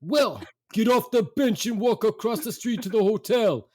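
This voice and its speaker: A man's voice: high-pitched, expressive, moderate pace, darkish tone, pitched above the performer's own voice. A man playing an impatient older father who barks and swears. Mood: exasperated. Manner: barking, exasperated.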